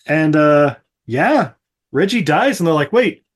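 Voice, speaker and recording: A podcast co-host recaps a movie in a fairly high voice with big pitch swings, keeping a measured pace. His casual chat rambles, with plenty of profanity, fillers and laughter.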